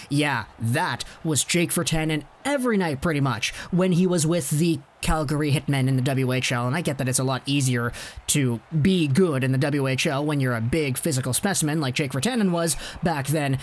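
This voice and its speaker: A young man runs through his takes on his own in a chatty, opinionated way, now and then dry and sarcastic. His voice sits a little higher than most men's. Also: slight background noise. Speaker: hockey video host. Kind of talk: solo commentary video.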